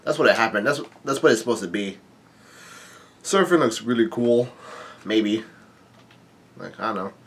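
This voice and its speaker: A man's voice: fairly low pitch, moderate pace, pauses often, a bit bright, husky. A man hosting a manga read-along, reading lines aloud and rambling through his commentary with many fillers and restarts. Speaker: manga reading channel host.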